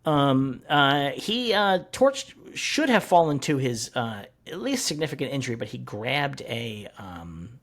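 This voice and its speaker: Animated podcast co-host, slightly husky. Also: medium pitch, a little slow, few pauses. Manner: animated, laughing, swearing, retelling panels. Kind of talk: casual comics discussion.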